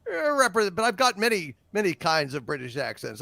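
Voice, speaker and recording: A chatty man hosts a casual livestream about film, reading out viewer messages with animated energy. His voice is gravelly and a bit high, with a lively, swooping pitch. The sound is dry and close to the mic. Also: normal speed, few pauses, dry recording. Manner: animated, chatty, laughs often. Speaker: podcast host.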